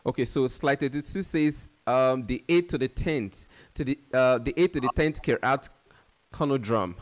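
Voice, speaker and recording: Man hosting, calmly running slides. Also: mid-range voice, moderate pace. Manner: brief agreeing, operates slides. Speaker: host. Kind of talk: live broadcast host.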